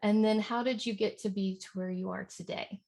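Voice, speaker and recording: A woman's voice: medium pitch, fairly even intonation, brisk, creaky, a little mellow. A woman hosting a casual interview, asking friendly, chatty questions. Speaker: interview host.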